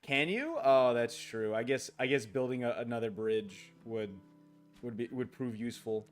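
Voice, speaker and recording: A man's voice: medium pitch, normal speed, faint music behind. Rambling, grumbling male game streamer. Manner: rambling, restarts sentences, grumbles and swears at the game; reads viewer comments aloud and answers them. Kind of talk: casual late-night live-stream chat while gaming.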